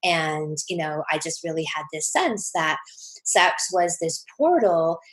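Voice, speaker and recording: A woman's voice: deep voice, animated, measured pace, low-quality recording. A woman speaking as a sex coach guest on a podcast interview, emphatic and confident, laughing often.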